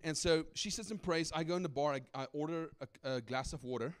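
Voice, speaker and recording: A middle-aged man preaches with a slightly raised pitch and an easy, conversational delivery. He tells personal stories and keeps checking in with his listeners by asking "right?", which makes the sermon feel like a talk among friends. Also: a little fast, clear, resonant tone. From South Africa. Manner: animated, conversational, often asks "right?". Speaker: guest preacher.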